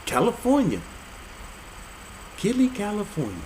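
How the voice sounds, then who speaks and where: Animated man mocking odd laws. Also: high-pitched, a little slow, a little hiss or hum, rough recording. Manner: animated, incredulous, jokey asides. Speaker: religious commentator. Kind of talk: reading laws aloud with commentary.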